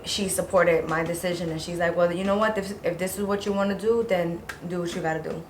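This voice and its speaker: A woman's voice: on the low side, steady tone, a little fast. A young woman telling a personal story to her viewers in a casual, rambling way, with plenty of "like"s. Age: young adult. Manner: talks in long run-on rambles with many "like"s. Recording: echoey room with faint noise.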